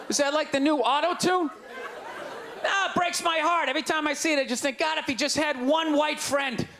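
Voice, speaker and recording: Brash high-voiced Boston comic, live crowd. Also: male voice, bright, forceful tone. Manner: brash, ranting, mocking the crowd. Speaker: stand-up comedian. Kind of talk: stand-up comedy set. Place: comedy stage before a live audience. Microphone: handheld stage mic. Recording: live club recording with crowd noise.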